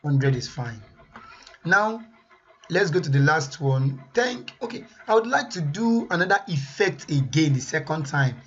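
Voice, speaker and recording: A man presenting a software tutorial, thinking aloud as he weighs each option and often repeats himself. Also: on the high side, sing-song, unhurried, dull audio, slight background noise. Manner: muses aloud over choices, repeats himself.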